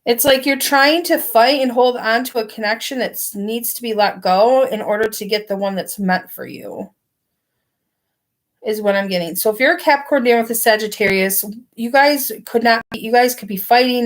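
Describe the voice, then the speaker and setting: A woman's voice: a little high, moderate pace. A woman giving a casual tarot reading to camera from her bed, rambling with lots of filler words. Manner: rambling, filler-heavy with frequent "like". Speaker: tarot card reader. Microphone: camera in front of her.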